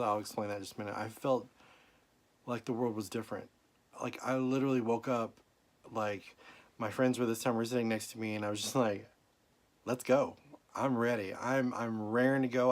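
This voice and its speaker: A middle-aged man tells a personal story in a rambling, emotional way, at times close to tears. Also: mid-range voice. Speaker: vlogger. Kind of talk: personal health update vlog.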